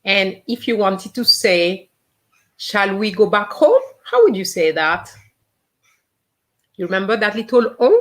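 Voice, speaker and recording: Slow, patient woman teacher. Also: medium pitch, a bit bright. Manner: patient, repeats each phrase slowly to model pronunciation. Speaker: French teacher. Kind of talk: live online language lesson.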